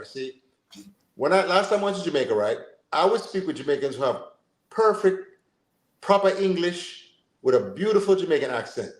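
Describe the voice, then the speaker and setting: A man speaking in a casual chat, reflective and talkative, sharing his own observations. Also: fairly high pitch. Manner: reflective, chatty, laughs along. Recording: echoey room.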